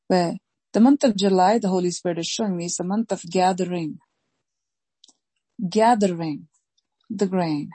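A woman pastor preaching a sermon slowly and emphatically, repeating key phrases and reading scripture aloud. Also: fairly low pitch, mellow, slightly rough, no echo, low-quality recording. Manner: slow, emphatic preaching with deliberate repetition.

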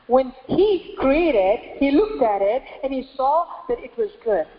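A woman pastor with a high-pitched voice delivers a sermon, building her points through repeated phrases and rhetorical questions. Her voice rings with a long echo, as if recorded in a large church hall. The sound is a little dull and muffled. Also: lively intonation, a little slow. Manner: repetitive preaching cadence with rhetorical questions.

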